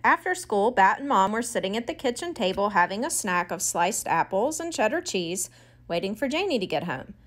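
A woman narrating a children's audiobook in a clear, expressive storytelling voice. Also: medium pitch, normal speed.

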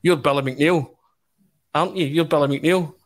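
A man impersonating a famous male pop star as a starstruck, gushing fan, in a raised, excited voice. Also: a little high, moderate pace, pitched above the performer's own voice, lightly acted.

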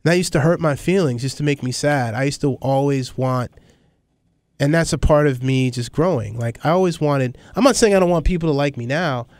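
A middle-aged man talking candidly as a guest in an interview, rambling and animated as he tells stories. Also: a little high, brisk, no room sound. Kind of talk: conversational interview.

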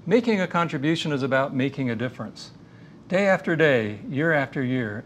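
A man giving a faith-based lecture in an earnest, measured teaching manner, weaving in stories. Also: a little high, a little hiss or hum.

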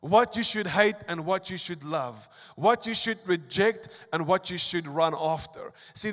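A man preaching a sermon as a pastor, swinging between emphatic, rising lines and quiet asides. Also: high-pitched. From South Africa. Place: large church hall. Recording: long church hall reverb.

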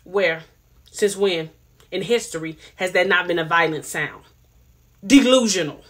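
A woman's voice: on the low side, a little slow, a bit bright. A woman, giving casual, sassy commentary on a reality TV episode and repeating herself for emphasis. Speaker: reality TV reviewer.

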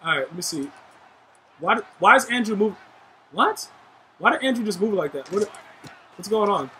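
A young man giving live gameplay commentary, trash-talking and shouting at his teammates in a hyped way. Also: high-pitched, animated, moderate pace, slight background noise. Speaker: gaming YouTuber.

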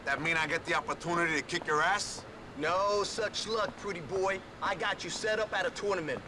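A man's voice: high voice, a little fast, background noise, lightly acted. A man playing a crude scheming fight promoter. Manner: streetwise, coarse slang. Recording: game audio with music underneath.

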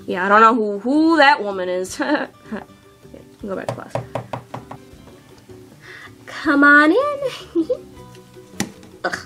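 A woman's voice: high voice, expressive, drawn-out words, long pauses, a bit bright, soft background music, full character voice. A woman voicing a flustered school office worker who reacts in laughing disbelief.

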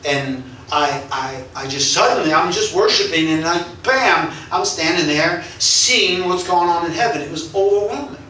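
A man's voice: on the high side, lively intonation, moderate pace, hardly any pauses, bright, forceful tone, slight background noise. A male pastor preaching and telling stories with animation, often laughing as he speaks. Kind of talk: sermon with personal storytelling. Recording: echoey church hall, mic at a distance.

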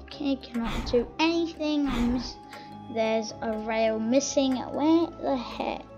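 A woman playing a video game and commenting in a slow, playful, muttering way. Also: fairly high pitch, lo-fi sound. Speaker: gaming channel host. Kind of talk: let's play commentary. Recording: voice over loud game music.

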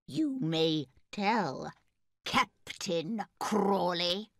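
A male reader voicing a sharp-tongued rich old lady in a storybook reading, with a shrill, slow, scornful delivery. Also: expressive, no echo, full character voice. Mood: haughty. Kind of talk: audiobook character voice.

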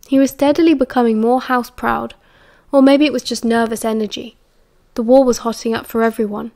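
A woman's voice: a little high, darkish tone. British woman narrating an audiobook.

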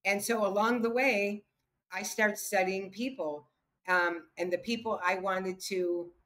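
A woman's voice: mid-range voice, a little slow. A woman, a health coach and entrepreneur, telling stories in a casual interview and acting out the people in them. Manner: lively storyteller who acts out the voices of people in her stories. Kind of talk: casual storytelling in a podcast interview.

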